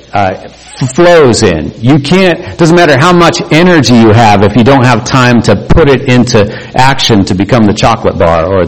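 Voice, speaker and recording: A man's voice: mid-range voice, slightly rough, rough recording. A male pastor preaching a conversational sermon, mixing jokes, stories and acted-out quotes. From Oregon.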